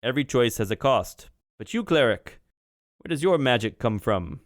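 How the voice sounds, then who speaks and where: A man voicing a cryptic, ageless male being in an adopted body, who asks slow, probing questions in a tabletop game. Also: medium pitch, animated, dry recording, studio quality, lightly acted. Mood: lecturing.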